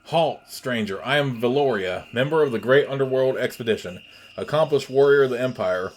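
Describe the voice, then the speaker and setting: A man's voice: mid-range voice, brisk, natural voice. A man voicing a young, resolute woman wizard-warrior from a computer game, speaking in formal, old-fashioned phrasing. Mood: stern.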